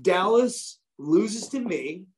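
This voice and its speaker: A man with a voice pitched a little above the usual, telling stories in a loose, conversational way. He swears freely and acts out other people's lines as he goes, like a former wrestler reliving the old days. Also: expressive, slow pace, slight background noise. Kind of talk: casual storytelling chat.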